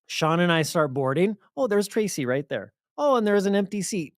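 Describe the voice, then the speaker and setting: A man's voice: high-pitched, sing-song, moderate pace, dry recording, studio quality. A man co-hosting a radio show, telling a story in casual chat and acting out the quotes. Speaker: radio co-host.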